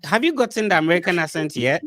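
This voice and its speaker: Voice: mid-range voice, lively intonation, fast, a bit bright, dry recording, studio quality. An interview host from Ghana, asking questions in a curious, playful way during casual chat.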